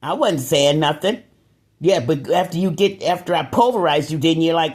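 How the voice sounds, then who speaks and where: A woman's voice: normal speed, husky. Woman vlogger, talking straight to camera, gets riled up and emphatic, leans on repetition. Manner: excitable, emphatic, swings between low muttering and raised outbursts; repeats words for emphasis. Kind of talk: casual monologue to camera.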